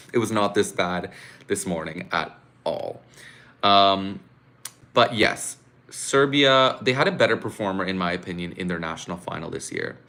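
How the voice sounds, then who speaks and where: Chatty, bright-voiced man live-streaming. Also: low-pitched, animated, unhurried, gravelly. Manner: frustrated, chatty, exclaims and laughs at his own complaints. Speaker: live-stream host reacting to a contest. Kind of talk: casual live-stream chat. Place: home room.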